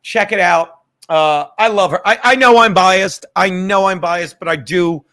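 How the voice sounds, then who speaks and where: A man's voice: high voice, a little slow, sharp tone. A middle-aged man hosting a podcast, rambling in casual, profane chat and laughing often. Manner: rambling, profane, laughs a lot, drinking on air. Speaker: podcast host.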